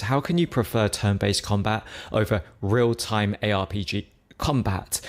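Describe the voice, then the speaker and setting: A man reviewing a video game in a dismissive, complaining way. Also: on the low side. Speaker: game reviewer in a played clip.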